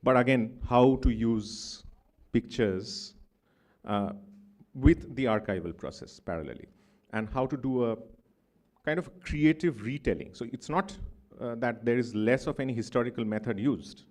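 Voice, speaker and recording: A man in his thirties from India, speaking with a Bengali accent, gives an academic talk in a conference hall. His voice is mid-range and a little mellow at a normal speed, and his delivery is thoughtful and discursive, full of asides.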